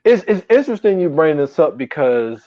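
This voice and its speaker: Casual podcast co-host, male, slangy and quick to laugh, acts out scenes; dull close mic with no room. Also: on the high side, sing-song, dark tone, no room sound. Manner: laughs a lot, retells scenes in quoted voices, slangy. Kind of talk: casual chat.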